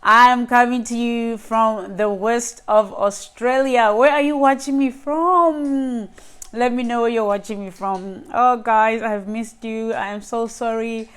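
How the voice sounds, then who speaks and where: A woman's voice: a little high, fairly even intonation, a little slow, clean tone. A young woman from Lesotho, talking casually to camera in a hesitant vlog with many fillers and restarts. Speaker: vlogger.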